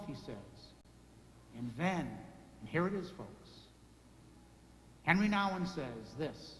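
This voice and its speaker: Male preacher, high voice, punchy repeated phrases, long church reverb, faint room hum. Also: animated, takes it slowly, long pauses. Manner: repetitive emphatic lists and rhetorical questions. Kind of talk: sermon. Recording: echoey hall reverb, faint ambience.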